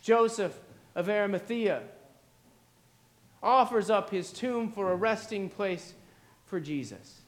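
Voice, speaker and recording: A man's voice: high voice, slow, long pauses. A man preaching a sermon, retelling a story dramatically with repeated refrains. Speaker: pastor.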